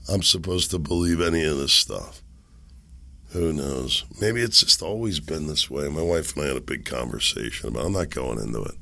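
A man hosting a podcast while sick and losing his voice. He rambles and makes sarcastic, muttered asides into a desk boom mic. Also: vocal fry, bright, forceful tone. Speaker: podcast host. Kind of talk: casual commentary monologue. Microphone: boom microphone on a desk.

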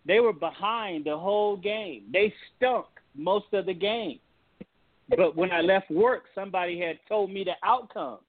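A man, a pastor, telling a personal story on a call-in talk show in an animated, folksy way. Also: high-pitched, measured pace, dry recording. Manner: animated, folksy storytelling with Southern turns of phrase. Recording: tinny phone-line audio, dry.

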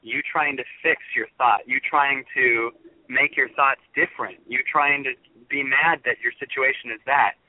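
Over a tinny phone line, a male radio guest talks at length about love and meditation, his earnest spiritual musings wandering as he goes. He has a mid-range voice and steady tone at normal speed, with no room sound.

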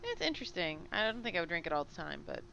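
A woman's voice: fairly low pitch, sing-song, fast talker, vocal fry, bright, forceful tone, dull audio, slight background noise. A woman chatting playfully on a casual podcast, talking easily about what she is drinking.

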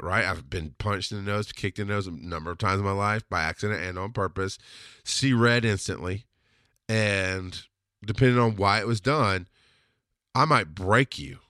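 A lowish male voice, recorded close and dry with almost no room sound. He talks like a podcast host telling his own stories, blunt and rambling, doubling back on his words and dropping in a curse now and then. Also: fairly bright tone, no echo. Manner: rambling, blunt, with frequent restarts and mild swearing. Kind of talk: casual storytelling monologue.

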